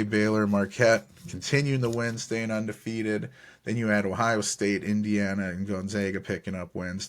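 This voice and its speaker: Laid-back lower-voiced podcast host. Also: male voice. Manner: laid-back, chatty storytelling with fillers and chuckles. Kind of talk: casual solo sports podcast.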